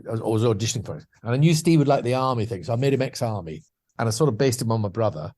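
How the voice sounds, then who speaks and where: A man's voice: mid-range voice, animated, very fast, dark tone. A man guesting on a podcast, telling anecdotes about his career in a chatty, self-deprecating way with lots of restarts. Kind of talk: anecdotal interview storytelling.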